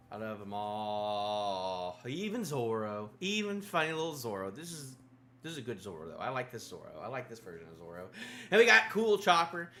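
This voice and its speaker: Bright, lively male streamer. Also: lowish voice. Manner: excitable, repeats himself, drifts into tangents. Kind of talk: live manga reaction stream.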